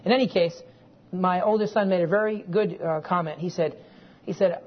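A Bible class teacher in his forties has a high, breathy-edged voice with fairly even intonation and a fairly quick pace. He shares a family story in a folksy, digressive lecture, regularly checking in with his listeners, and the recording is dull and lo-fi with faint hiss.

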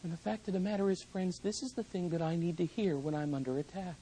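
A preacher delivering a sermon, talking emphatically and swinging between hushed and loud. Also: mid-range voice, fairly even intonation, slight background noise, rough recording. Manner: slows down for quoted verses.

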